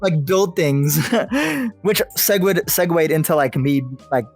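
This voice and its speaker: Higher-voiced man telling stories with laughs. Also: takes it slowly, creaky, soft background music. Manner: laughing storyteller, heavy use of "like" and swearing. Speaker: podcast host. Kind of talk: casual chat.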